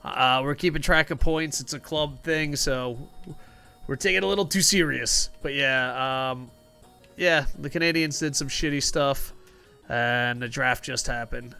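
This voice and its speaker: A man's voice: mid-range voice, measured pace, gravelly, sharp tone, clear, resonant tone, faint music behind. A man racing and streaming at once, chatting casually, reading chat aloud and swearing freely.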